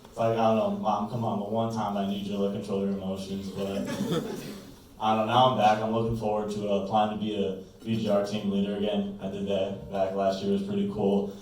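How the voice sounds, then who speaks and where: A man's voice: on the low side, monotone, fast, darkish tone. A young man doing an open-mic stand-up set, telling rambling self-mocking stories. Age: young adult. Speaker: stand-up comic. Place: small comedy room with live audience. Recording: echoey room, far mic, noise.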